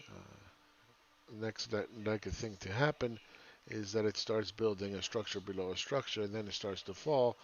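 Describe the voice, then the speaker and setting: A man's voice: on the low side, muffled recording, a little hiss or hum. A man giving casual, rambling live chart commentary as a market analyst, often asking "right?".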